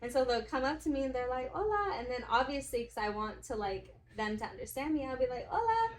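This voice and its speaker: A young adult woman, a podcast guest in casual chat, telling lively stories, laughing often and acting out the voices of others. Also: on the high side, fast talker. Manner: animated storyteller, laughs often, acts out quotes.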